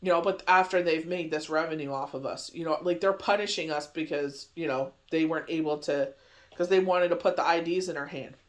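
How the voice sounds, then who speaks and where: A man with a notably high voice talks through a daily tarot reading. He rambles in a loose, chatty way, circling back with friendly filler phrases as he goes. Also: fairly even intonation, a little fast. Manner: rambling, chatty, heavy on "you know" fillers. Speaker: tarot reader.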